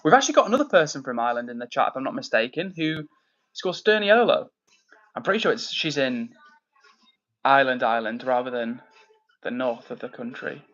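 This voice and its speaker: A man's voice: mid-range voice, lively intonation, brisk. Upbeat man, lo-fi stream. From England, near Manchester. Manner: friendly, upbeat, lots of fillers and shout-outs. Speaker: livestream host reading chat. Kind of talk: casual live chat. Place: indoors at home.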